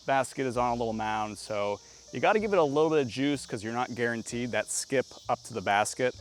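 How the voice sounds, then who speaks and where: A man giving casual, chatty play-by-play of his own throws on a disc golf course outdoors, getting excitable on good shots. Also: mid-range voice, a little fast, slight background noise.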